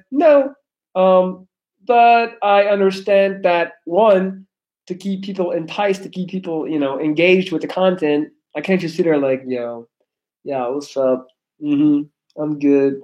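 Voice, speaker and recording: A man in his thirties from Belgium with an American accent, chatting loudly and animatedly on a live stream, cussing freely. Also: high-pitched, lo-fi sound. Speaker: livestreamer. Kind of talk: casual live stream chat.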